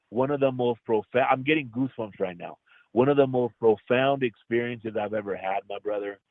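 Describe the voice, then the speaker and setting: A man, an actor guest on an interview show, telling a deeply personal story in an earnest, heartfelt way and calling the host brother. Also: dry recording. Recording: tinny phone-like line.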